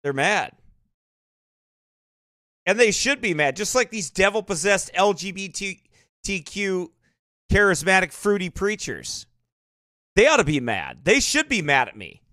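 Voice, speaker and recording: A man's voice: sits high, very animated, unhurried, long pauses, pushed and bright, dry recording, studio quality. A man speaking as a pastor in a sermon-style commentary, emphatic and repeating tag questions like "right?" and "eh?".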